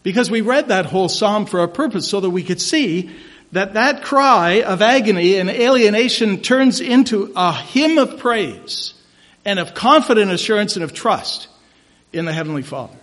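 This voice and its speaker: A man preaching a sermon as pastor, emphatic and rising to loud declarations, in a church sanctuary. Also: sits high, lively intonation, moderate pace. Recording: church hall reverb.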